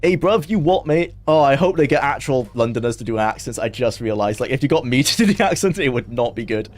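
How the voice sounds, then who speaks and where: Chatty young streamer. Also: male voice, medium pitch, lively intonation, fast. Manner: chatty, laughs often, talks to chat. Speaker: game streamer. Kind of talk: casual live-stream chat.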